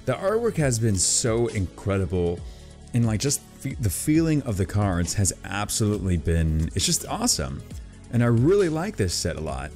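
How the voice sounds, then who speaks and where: A man with a fairly low voice talks through opening card packs in a loose, rambling way. He gets excitable and gushing when something good turns up, and faint music plays behind him. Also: moderate pace. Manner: chatty, excitable, gushing over pulls. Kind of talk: casual unboxing commentary.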